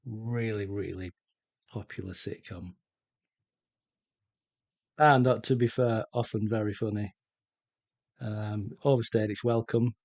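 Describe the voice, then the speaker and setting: Guy rambling slowly while painting, mellow low-key voice, dry close sound. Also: no echo. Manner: slow, musing, rambling with many ums. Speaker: art vlogger. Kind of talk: casual chat while painting.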